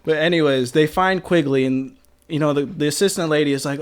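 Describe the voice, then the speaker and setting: A man with a fairly high-pitched speaking voice, chatting casually as co-host of a movie podcast. He rambles and jokes, laughing often as he talks. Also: fairly even intonation, fairly quick. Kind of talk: casual chat.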